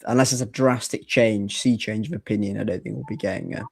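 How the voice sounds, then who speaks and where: Low-voiced, hesitant man on a podcast. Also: vocal fry, breathy edge, dry recording, clean studio sound. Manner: hesitant, measured, trails off. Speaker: podcast co-host. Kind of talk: casual football podcast chat.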